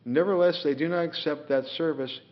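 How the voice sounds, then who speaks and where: Guy teaching scripture stories, lots of uhs, does little voices for the gods, roomy echo, kinda muffled. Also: fairly high pitch. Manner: unhurried, hesitant with many fillers, voices the figures in the stories. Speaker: spiritual teacher. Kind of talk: scripture class storytelling. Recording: echoey room, dull lo-fi sound.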